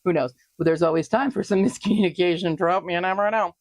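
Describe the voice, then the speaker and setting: A woman casually talking through her reading progress in a home vlog, chatty and quick to laugh. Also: on the low side, no room sound. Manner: chatty, laughs often, talks to her pets. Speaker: book vlogger.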